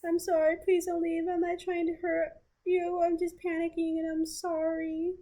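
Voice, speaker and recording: Woman doing a clingy self-pitying guy, whiny and pleading, voice pushed way up high. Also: monotone, normal speed, dark tone. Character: despairing young man, clingy and self-pitying.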